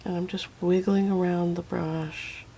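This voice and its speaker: A woman walks through a watercolor tutorial at an unhurried pace, her lowish voice carrying a gravelly edge. She murmurs asides and often sinks into a whisper as she paints. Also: slight background noise. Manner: soft, often drops to a whisper while painting; relaxed, self-talking, fond of little asides. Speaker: watercolor teacher.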